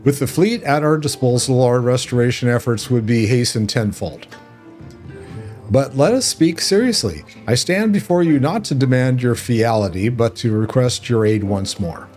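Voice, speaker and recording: A man voicing a formal, earnest young male lord in a video game, speaking in measured, polite tones. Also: medium pitch, lively intonation, a little mellow, faint music behind, close to an everyday voice.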